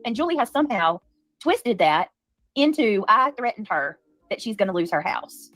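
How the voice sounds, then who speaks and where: A woman's voice: mid-range voice, sing-song, normal speed, a bit bright, dry recording, faint music behind. A woman hosting a commentary livestream, talking in an indignant, defensive and emphatic way. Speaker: livestream host.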